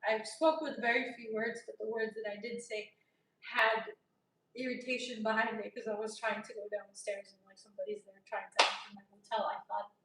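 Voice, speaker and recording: A young woman vlogger telling a story in a casual, animated way, loud and laughing often as she acts out the dialogue. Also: a little high, brisk, distant mic, background noise. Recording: echoey room, voice from off-mic.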